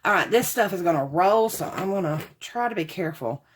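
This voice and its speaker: A woman's voice: on the low side, animated, brisk, a little hiss or hum. A woman, chatting casually to camera about craft supplies she bought, rambling and calling her viewers y'all. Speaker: craft haul vlogger.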